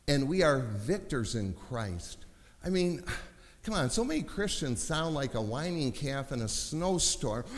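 A man's voice: a little high, sing-song, slow pace. Impassioned male preacher in a reverberant hall. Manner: impassioned, rising to shouting. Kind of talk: sermon.

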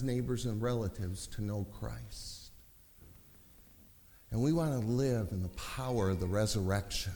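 A man preaching a sermon, passionate and building to shouts at times. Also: on the low side. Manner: impassioned, rising to shouting. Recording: long hall reverb.

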